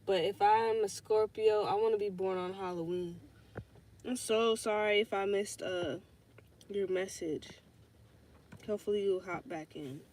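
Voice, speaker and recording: A woman's voice: mid-range voice, unhurried, a little mellow. A young woman hosting a casual podcast livestream, rambling and swearing as she thinks aloud, with lots of fillers. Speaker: podcast host.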